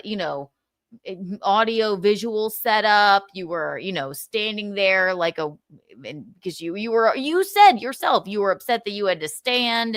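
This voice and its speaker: Smooth and fairly bright, this woman's medium-pitched voice comes through a dry recording. She hosts a livestream of casual gossip commentary, laughing often, swearing, and mocking people with impressions.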